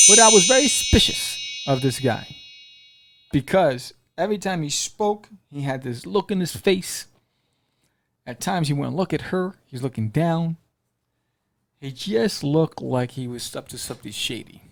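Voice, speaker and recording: A man hosting a casual podcast, retelling a comic's story in a playful, animated way and acting out the characters' lines. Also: a little high, measured pace, vocal fry. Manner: playful, jokes with the listener. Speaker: podcast host reviewing comics. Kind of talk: casual chat.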